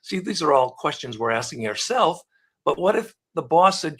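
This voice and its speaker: A man's voice: a little high, moderate pace, breathy edge. A man coaching on asking better questions in a live online talk, acting out little dialogues as examples. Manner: animated, acts out dialogue examples.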